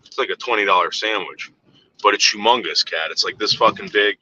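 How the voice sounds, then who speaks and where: Bright-voiced man telling a rambling story. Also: on the low side, fairly quick, highs cut off, slight background noise. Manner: profane, rambling, repeats words when telling a story. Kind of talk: casual storytelling chat.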